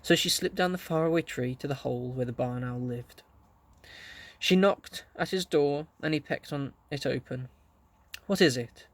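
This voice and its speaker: Gravelly storybook narrator man. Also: mid-range voice, normal speed, no room sound. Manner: gentle storytelling, voicing characters lightly. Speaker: audiobook reader.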